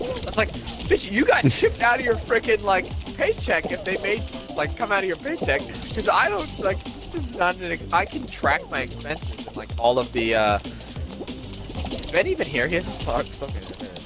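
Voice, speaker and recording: Young man, animated storyteller, lively pitch, music in background. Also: normal speed. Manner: animated storytelling, acts out quotes. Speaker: podcast co-host. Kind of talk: casual chat.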